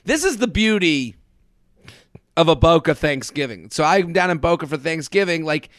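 A man hosting a casual comedy podcast, joking and rambling with quick restarts. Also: a little high, expressive, fairly bright tone, no room sound, clean studio sound. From United States. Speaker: podcast host.

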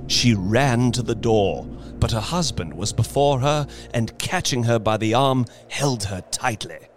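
A man narrating a horror story in a slow, hushed, suspenseful dramatic reading. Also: fairly low pitch, lively intonation, over music.

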